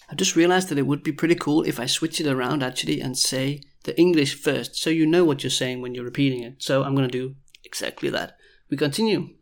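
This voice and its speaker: Creaky-voiced man drilling phrases slowly. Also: on the high side. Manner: enunciates each word carefully, then explains casually. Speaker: language teacher. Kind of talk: slow, repeated phrase drills in a language lesson.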